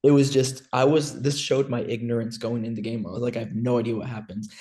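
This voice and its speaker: A man hosting a relaxed podcast with friends, telling his stories in a lively way. He acts out both sides of each exchange as he goes, and his voice sits at an ordinary middle pitch. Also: fast talker. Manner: animated storyteller, acts out both sides of the talk. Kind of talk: casual podcast chat.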